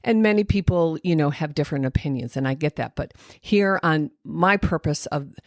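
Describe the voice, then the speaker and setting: A woman's voice: deep voice, moderate pace, dry recording, studio quality. A woman hosting an educational podcast, explaining speech and language development and sounding out examples. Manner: explanatory, demonstrates sounds and intonation aloud, many fillers. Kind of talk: solo educational podcast talk.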